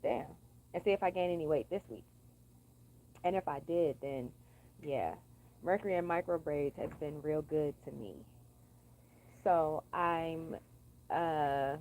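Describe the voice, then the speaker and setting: A woman's voice: deep voice, lively intonation, slow, long pauses, mellow, slight background noise, poor audio. A young woman venting in a blunt, profane, sassy monologue for her vlog. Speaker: vlogger.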